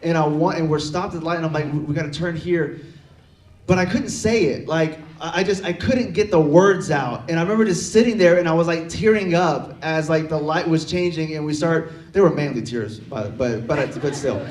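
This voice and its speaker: A high-voiced male pastor tells a story from the pulpit in an animated way. He laughs often and acts out the voices of the people in it. His voice rings through an echoey church hall and sounds a little far from the mic. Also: moderate pace. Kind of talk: storytelling sermon. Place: church auditorium.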